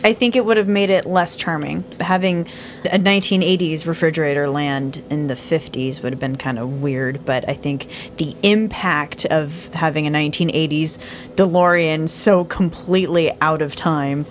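A woman's voice: low voice, normal speed, a little hiss or hum. A woman co-hosting a podcast in easygoing, casual chat. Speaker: podcast co-host. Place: podcast recording room.

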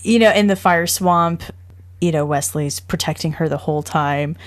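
A woman talks through a classic film on a casual podcast, animated and quick with her asides. She laughs often. Her voice sits slightly low for a woman. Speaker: podcast co-host.

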